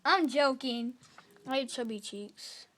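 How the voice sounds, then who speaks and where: High-voiced, slow, rambling young girl. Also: a bit bright. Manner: rambling, apologetic, giggly. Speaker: vlogger. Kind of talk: casual chat to camera. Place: at home in a room.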